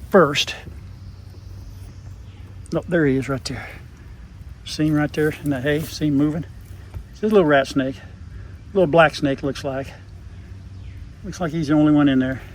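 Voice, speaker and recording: A man's voice: fairly high pitch, fairly even intonation, moderate pace, pauses often, slight background noise, rough recording. Chatty older man on a farm. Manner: chatty, talks to his dogs and the snake. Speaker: farm vlogger. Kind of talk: casual outdoor vlog. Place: outdoors on a farm.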